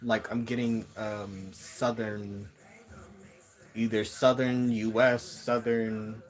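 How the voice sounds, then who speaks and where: Low-voiced man giving a musing tarot reading. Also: level tone, takes it slowly, faint music behind. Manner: musing, repeats words while searching for messages. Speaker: tarot reader. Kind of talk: casual spiritual reading to viewers.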